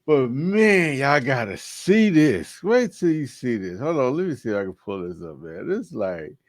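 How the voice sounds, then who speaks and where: Laid-back guy talking slow on his channel, slangy, dry close mic. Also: medium pitch, sing-song, dry recording. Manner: laid-back slangy talk, laughing at what he reads. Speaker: channel host. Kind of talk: casual commentary to viewers.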